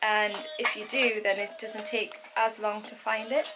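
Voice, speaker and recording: A woman's voice: mid-range voice, level tone, measured pace, heavy background noise. A woman in her thirties, vlogging casually at home and explaining step by step how to sort a child's room. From England. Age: 30s. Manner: chatty, explaining a tidying method step by step.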